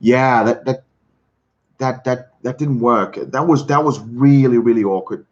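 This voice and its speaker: Man chatting on a lo-fi stream. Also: mid-range voice. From Switzerland. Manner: halting, repeats words, chuckles often. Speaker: livestream host. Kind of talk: casual chat reading viewer comments.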